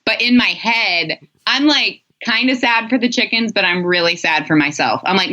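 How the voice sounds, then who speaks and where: A woman's voice: medium pitch, expressive, moderate pace, few pauses, sharp tone, highs cut off. A young woman and podcast guest, telling a self-mocking story in casual chat.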